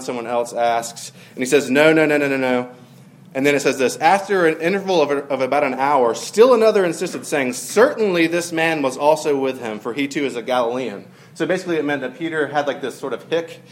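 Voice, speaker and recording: A man's voice: medium pitch, slight background noise. Chatty man preaching to a room. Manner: chatty, many fillers and humorous asides. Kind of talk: casual conversational sermon. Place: room with a live audience.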